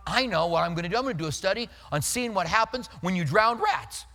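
A male pastor preaching a sermon in a conversational, storytelling way, emphatic, dropping his voice low for serious points. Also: expressive, quick pace, pushed and bright, big-room sound.

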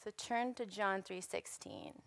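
A hoarse woman preaching a sermon to a women's gathering, earnest and emphatic, repeating phrases for weight. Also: medium pitch, huge pitch swings, unhurried, fairly bright tone, a little hiss or hum. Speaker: women's ministry speaker.

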